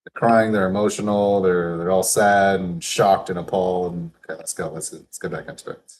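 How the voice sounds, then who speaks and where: Low-voiced man, relaxed Bible study reader with offhand comments. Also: normal speed, a little hiss or hum, low-quality recording. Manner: reads aloud with offhand asides and laughter. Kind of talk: casual Bible study reading.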